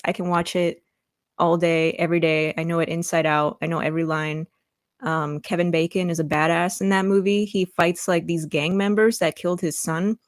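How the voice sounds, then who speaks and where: A woman's voice: lowish voice, dry recording, studio quality. A woman guest on a casual livestream chat, talking enthusiastically and giving blunt opinions.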